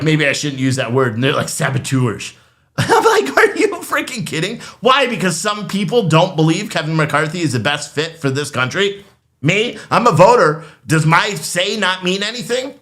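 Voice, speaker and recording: Male host, rambling sarcastic rant, bright forceful voice, sits a bit high. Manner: rambling, sarcastic, frequent laughs and restarts. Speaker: political commentary host. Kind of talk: casual political rant. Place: studio.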